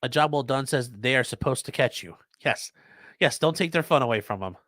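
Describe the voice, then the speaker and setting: A man's voice: medium pitch, expressive, fairly quick, fairly bright tone, no room sound, clean studio sound. A man hosting a live stream who reads viewer comments aloud and answers them in a blunt, profane, conversational way.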